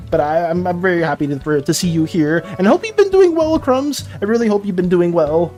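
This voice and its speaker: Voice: mid-range voice, lively intonation, brisk, few pauses, darkish tone, soft background music. A streamer chatting casually with viewers while drawing, stammering and repeating words, emotional and flustered.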